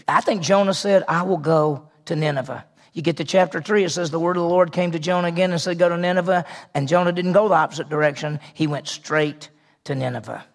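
High-voiced pastor guy preaching, gravelly edge, gets loud then goes real quiet. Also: fairly quick. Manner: animated preaching, swings from loud emphasis to hushed quiet. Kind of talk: sermon. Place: church sanctuary with congregation.

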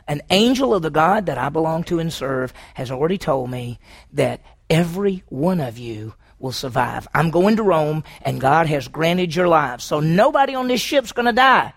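A man's voice: on the high side, very animated, moderate pace, creaky, fairly bright tone, no echo, studio quality, exaggerated voice. A man voicing the apostle Paul as a firm, sure man, warning a group within a sermon.

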